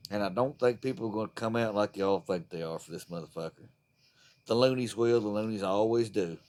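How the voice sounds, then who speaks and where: A man's voice: on the low side, brisk, a little mellow, slight background noise. A man delivering a profane, fired-up, rambling political rant to the camera. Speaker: vlogger.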